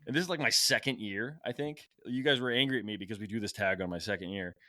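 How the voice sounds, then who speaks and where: A man hosting a podcast, telling a hunting story in a casual, animated way and acting out what people shouted. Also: on the low side, fast, no echo, clean studio sound. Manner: animated, acts out shouted quotes. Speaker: podcast host.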